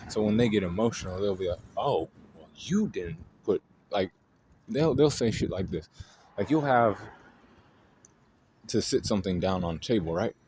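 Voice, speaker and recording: A man with a fairly low voice delivers a casual, exasperated rant, full of blunt profanity. He sounds fed up as he talks it through. The recording carries a steady hiss of background noise. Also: moderate pace, pauses often. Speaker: astrology video host. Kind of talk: casual ranting monologue. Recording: noisy home recording.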